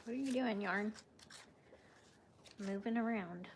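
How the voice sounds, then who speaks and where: A woman's voice: mid-range voice, takes it slowly, slight background noise. A woman hosting a crochet livestream, chatting casually with viewers and laughing often as she tells stories on herself. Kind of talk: casual chat reading live comments.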